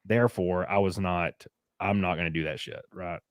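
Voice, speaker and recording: A man in his thirties from the United States hosts a podcast, sharing a personal story casually and candidly, wandering along with plenty of filler words. His low voice stays steady at a normal pace in a dry recording.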